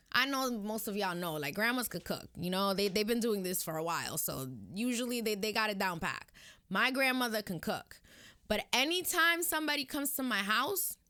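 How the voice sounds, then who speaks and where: A woman's voice: mid-range voice, pushed and bright, clean tone, no room sound, studio quality. A young woman with a Caribbean Spanish accent talking casually to her viewers, rambling and going off on tangents. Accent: Hispanic Caribbean. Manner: chatty, rambling, addresses viewers directly. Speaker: vlogger. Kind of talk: casual personal vlog talk.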